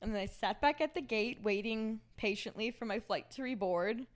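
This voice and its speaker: A young American woman co-hosting a podcast, telling a travel story in casual chat, animated, laughing often and acting out the voices of the people she quotes. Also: a little high, normal speed. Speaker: podcast co-host.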